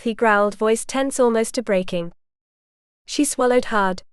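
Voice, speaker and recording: A woman narrating a historical romance audiobook in measured, scripted storytelling. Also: fairly high pitch, clear, resonant tone, dry recording, clean studio sound.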